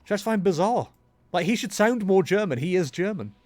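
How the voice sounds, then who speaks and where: A young man chats away while he plays a game on stream, rambling from one thought to the next and joking as he goes. His voice sits a little high, and his pitch bounces around a lot as he talks. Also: animated, a little fast, a little mellow, no echo. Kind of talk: casual live-stream chatter while gaming.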